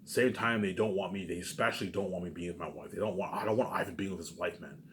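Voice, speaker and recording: A man with a low-sitting voice talks fast as a vlogger, rambling casually to his viewers. He says the same things repeatedly and swears freely.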